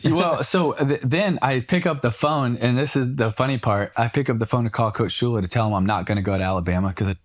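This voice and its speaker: A man, a former college football star, telling an animated story as a podcast guest and acting out the people he quotes. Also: medium pitch, fairly quick, hardly any pauses. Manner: animated storyteller who acts out quoted voices.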